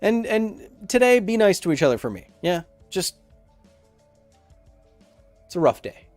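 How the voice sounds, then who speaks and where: A man in his thirties hosting a science livestream Q&A, chatting casually in an animated, joking, rambling way. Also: sits high, measured pace, no room sound, soft background music.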